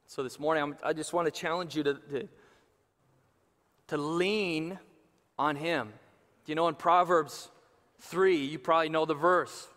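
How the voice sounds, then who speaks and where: A man's voice: a little high, steady tone, a bit bright. Impassioned male pastor in a reverberant church. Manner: impassioned preaching, slows and rises for emphasis. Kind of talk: sermon. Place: church sanctuary. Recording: reverberant church hall with music behind.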